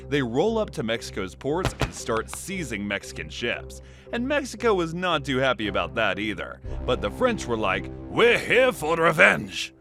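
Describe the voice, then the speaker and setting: A man's voice: mid-range voice, a bit bright. A man telling history in a scripted, jokey comedic narration full of puns. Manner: jokey, punning, playful. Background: background music.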